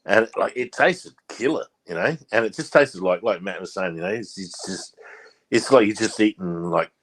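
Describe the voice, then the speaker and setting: A man's voice: fairly low pitch, moderate pace, fairly bright tone. A man from Australia telling rambling, swear-filled party stories in casual chat. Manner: swears freely, rambling anecdotes.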